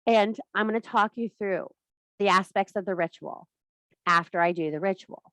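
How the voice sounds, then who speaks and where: A middle-aged woman leads a women's workshop over a video call, blunt and emphatic, swearing freely as she presses her points. Her voice sits at a middling pitch. The sound is dry and close, with no room echo. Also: normal speed, fairly bright tone. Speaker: women's circle leader. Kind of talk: casual workshop talk.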